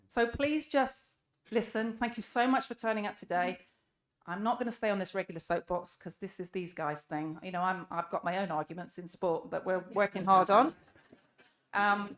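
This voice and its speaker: A middle-aged woman speaking at a live public debate, earnest and emphatic, firing off rhetorical questions. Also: mid-range voice. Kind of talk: impassioned public speech. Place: live event in a room.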